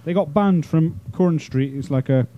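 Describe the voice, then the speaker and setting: A man's voice: a little high, normal speed, lo-fi sound. A man chatting casually, explaining local slang with dry humour. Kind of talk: casual chat.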